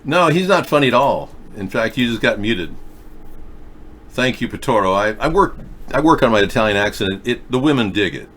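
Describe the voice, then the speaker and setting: A man's voice: mid-range voice, lively intonation, moderate pace, a bit bright, slight background noise. A middle-aged man hosting a live video chat show, reading viewer comments and rambling through sarcastic jokes and asides.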